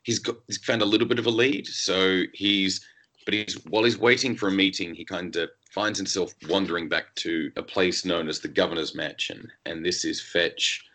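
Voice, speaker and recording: A man's voice: sits low, fairly even intonation, normal speed, bright, forceful tone. An author talking in a casual interview, rambling and peppering his talk with fillers. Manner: rambling, full of "you know" fillers.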